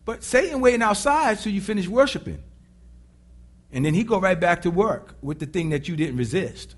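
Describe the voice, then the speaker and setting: A man preaching a sermon in an animated, dramatic way, with sudden shouts and voices acted out. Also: high voice, moderate pace.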